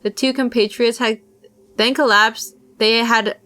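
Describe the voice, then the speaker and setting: A woman's voice: on the high side, steady tone, unhurried, fairly bright tone. A young woman streamer reading a visual novel aloud, with casual, self-deprecating asides.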